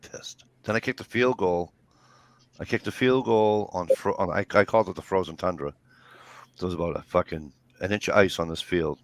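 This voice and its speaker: A man's voice: deep voice, creaky, no room sound. A man, telling rambling, swear-filled stories in casual chat. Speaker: storyteller.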